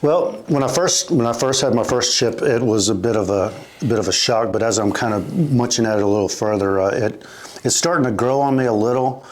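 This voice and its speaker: A man co-hosting a casual snack-tasting video, speaking in a hesitant, measured way and searching for words. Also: mid-range voice, rough recording.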